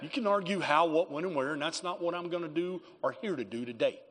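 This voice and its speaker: A man's voice: fairly high pitch, fast, a bit bright, in a large hall. A man preaching a sermon as pastor in a church, emphatic, calling for amens from the congregation. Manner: emphatic preaching with call-and-response.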